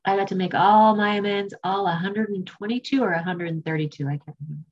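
Husky woman sharing her sobriety story, candid n a bit choked up, dull muffled recording. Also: medium pitch, quick pace. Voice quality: candid, emotional, self-mocking. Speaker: recovery meeting speaker. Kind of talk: personal recovery testimony.

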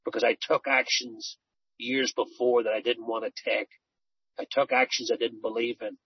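A man's voice: mid-range voice, level tone, moderate pace, slightly rough, no room sound, dull audio. A middle-aged man giving an earnest personal recovery testimony, telling stories and often repeating himself. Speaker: recovery speaker.

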